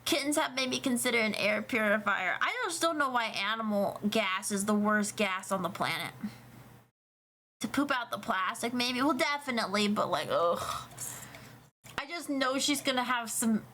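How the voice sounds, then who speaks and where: A young woman streamer chatting casually with her viewers, rambling, swearing and getting excited. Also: fairly high pitch, moderate pace, slight background noise. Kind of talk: casual livestream chat.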